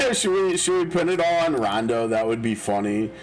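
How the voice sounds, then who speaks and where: A man's voice: a little high, expressive, moderate pace, faint music behind, low-quality recording. A man casually commenting during a live game stream, thinking aloud, often chuckling and restarting his sentences.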